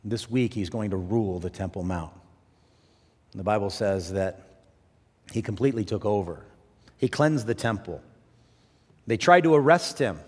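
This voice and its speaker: A man pastor preaching a sermon with passion, swinging from loud, rising bursts to quiet, low drops. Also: moderate pace, pauses often, breathy edge. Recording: long reverb in a large hall.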